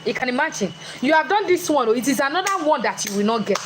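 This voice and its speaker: A woman's voice: high voice, sing-song, fast talker, background noise. A woman giving a chatty motivational talk, questioning her live audience directly. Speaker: motivational speaker.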